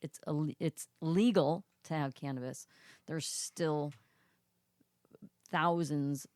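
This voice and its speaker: A blunt woman co-hosts a casual podcast chat. Her voice sits very low for a woman, and she talks in a plain, matter-of-fact way. The sound is dry and close. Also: fairly even intonation, slow pace, a little mellow, dry recording. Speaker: podcast co-host.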